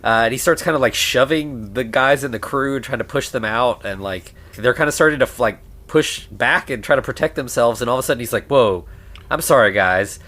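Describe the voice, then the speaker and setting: A man's voice: mid-range voice, fairly quick, few pauses. Laid-back man recapping a movie. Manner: animated, acts out characters' lines while retelling. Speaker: podcast co-host. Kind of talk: casual movie recap chat.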